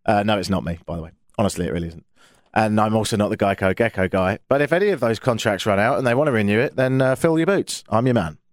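A man's voice: lowish voice, fast, dry recording. An English man hosting a radio talk show from a studio, with dry, self-mocking banter. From England. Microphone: studio microphone.

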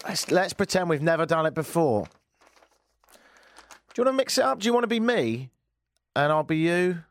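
A sarcastic male talk radio host chatting in a lively, sing-song voice that sits a little high. His studio mic sounds dry and close. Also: moderate pace, no room sound. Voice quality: wry, sarcastic. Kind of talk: casual radio chat. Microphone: studio microphone.

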